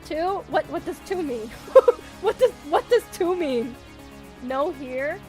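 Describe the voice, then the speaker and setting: A young woman chatting casually on a live stream as a VTuber, reading her chat aloud, giggling often and getting loud when excited, with casual swearing. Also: sits high, slow pace, soft background music. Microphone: headset mic with headphones.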